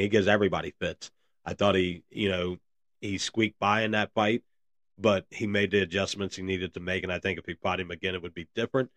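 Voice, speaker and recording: A man with a deep voice hosts a casual solo podcast with no room sound, briefly out of breath. He rambles with lots of fillers and addresses his listeners as "man" and "guys."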